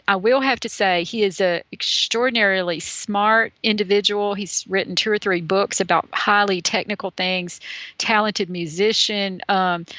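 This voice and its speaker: A chatty woman, telling her story as an interview guest. Her voice is bright and forceful, and the recording is dry but dull and lo-fi. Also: mid-range voice, no room sound. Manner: chatty, animated, many you-knows. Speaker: podcast guest. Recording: dull lo-fi sound.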